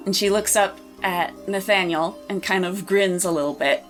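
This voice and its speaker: A woman narrating and running a tabletop role-playing game in a relaxed, chatty way. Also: medium pitch, normal speed, hardly any pauses, over music. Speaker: game master.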